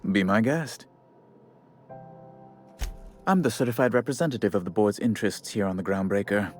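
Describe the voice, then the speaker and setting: A man's voice: fairly low pitch, normal speed, lightly acted. An actor voicing a fussy, condescending male corporate bureaucrat in a video game, with a prim, theatrical delivery. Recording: soft game music behind.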